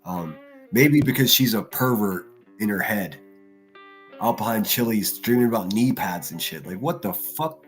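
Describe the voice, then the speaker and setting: A man hosting a livestream, ranting in a crude, mocking way and shifting in loudness as he talks. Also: fairly low pitch, expressive, moderate pace, soft background music. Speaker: livestream host. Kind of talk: profane livestream rant.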